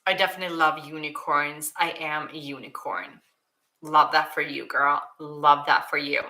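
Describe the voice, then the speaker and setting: A woman's voice: low-pitched, steady tone, normal speed, sharp tone, rough recording. A young woman with a Swedish accent answering viewer questions in a casual, emotional chat, often laughing and filled with "like" and "um". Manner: emotional, giggly, many likes and ums.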